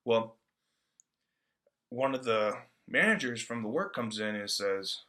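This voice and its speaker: A man's voice: medium pitch, expressive, slow, sharp tone. A man giving a casual book-report talk in a loose, slangy way, full of fillers. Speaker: student presenter.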